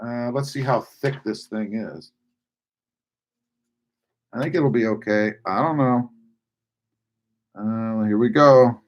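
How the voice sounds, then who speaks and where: A man's voice: medium pitch, slow, long pauses, highs cut off. A man hosting a casual live stream, reading viewer chat aloud with many fillers and hesitations. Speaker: livestream host.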